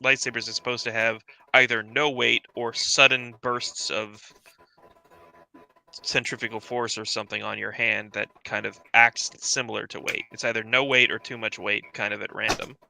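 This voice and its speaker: A man's voice: on the low side, level tone, normal speed, creaky, bright, forceful tone, low-quality recording. A man in casual chat about fiction, rambling and swearing often.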